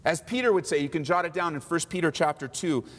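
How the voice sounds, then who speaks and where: A man preaching a sermon as a pastor, lively and acting out mocking voices of others. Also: on the high side, fast talker, long reverb tail.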